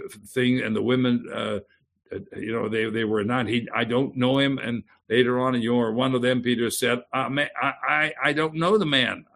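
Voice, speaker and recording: Gravelly male preacher reading scripture. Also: mid-range voice. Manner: animated, repeats and restarts words, reads scripture aloud. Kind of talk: sermon.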